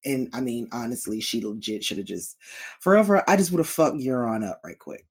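A speaker casually recapping a TV episode, expressive and profane, with drawn-out sighs. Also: medium pitch, slightly rough.

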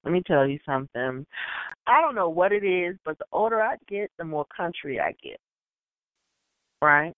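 A man from suburban Maryland co-hosts a podcast, chatting casually and telling stories playfully, animated and laughing often. His voice is on the high side at normal speed with long pauses, in a dry recording with a tinny, phone-like sound.

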